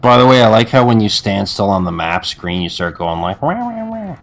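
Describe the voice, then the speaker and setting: A man's voice: low voice, a little fast, gravelly, soft background music. A man co-hosting a let's play, joking and swearing casually as the game plays. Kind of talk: casual gameplay chat.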